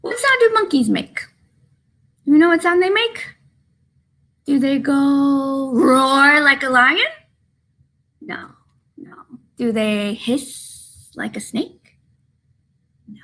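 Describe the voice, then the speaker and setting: Bright, lively woman reading to children. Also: sits high, slow, pauses often. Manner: animated sing-song read-aloud with animal noises. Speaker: children's librarian. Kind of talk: children's story time reading. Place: library room.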